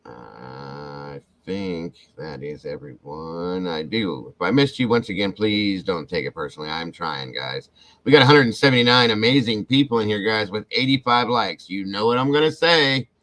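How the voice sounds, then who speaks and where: A low-pitched male livestream host speaks at normal speed with lively intonation, calling out viewers by name and thanking them warmly and effusively. The stream is casual, and the recording sounds rough.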